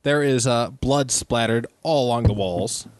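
A man narrating as game master of a tabletop game, talking haltingly with many pauses and restarts. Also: mid-range voice, no echo, studio quality.

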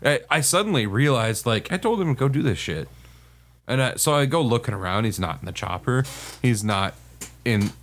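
A man's voice: medium pitch, moderate pace. A man who was an Army sergeant, telling profane stories in casual chat. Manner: animated, profane storyteller. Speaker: Army veteran, former sergeant.

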